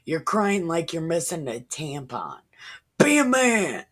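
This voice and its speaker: A woman voicing a gruff male army leader who scolds and shouts at his troops, crude and bossy. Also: low-pitched, animated, a little slow. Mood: scolding.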